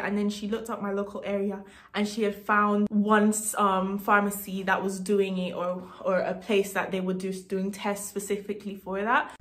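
A woman's voice: mid-range voice, level tone, moderate pace, hardly any pauses. A woman from Jamaica telling a casual storytime vlog story, emphatic, repeating herself and laughing between lines. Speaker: vlogger.

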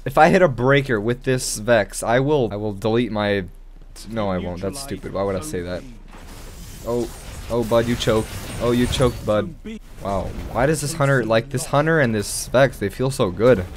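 A young man giving casual gameplay commentary, excitable and swearing, with sudden loud outbursts. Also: mid-range voice, normal speed, faint music behind. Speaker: gaming channel host.

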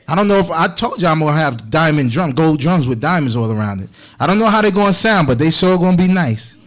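Upbeat male preacher, joking, laughing, fairly high voice. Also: expressive, fast. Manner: playful, laughing, chatty. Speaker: congregation teacher. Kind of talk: joking sermon talk.

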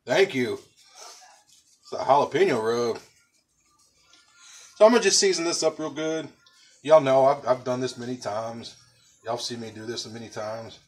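A man's voice: mid-range voice, normal speed, long pauses, husky. A man hosting a casual barbecue cooking vlog outdoors, chatty and folksy, talking to his viewers as folks and y'all. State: coughing from pepper rub. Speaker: barbecue channel host. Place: outdoors by a smoker.

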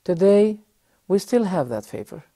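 A middle-aged man teaching a religious lesson on a TV program, telling a story earnestly with measured pauses and rhetorical questions, speaking straight to his audience. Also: sits high, big pitch swings, warm tone, no room sound. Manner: addresses the audience directly. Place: TV studio.

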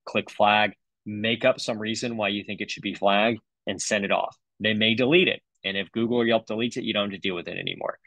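A man's voice: lowish voice, fairly even intonation, fairly quick, a bit bright, no room sound, low-quality recording. Sarcastic middle-aged man, joking dentist. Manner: sarcastic, joking, loose with fillers. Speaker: dentist presenting a webinar. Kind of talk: comedic webinar talk.

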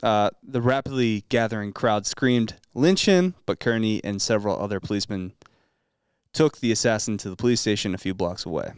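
A man's voice: on the low side, fairly even intonation, a little fast, clean tone, no room sound. A man hosting a comedic history podcast, reading the story aloud and cutting in with dry asides. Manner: reads narration aloud, then cracks dry asides. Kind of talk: reading notes in casual chat.

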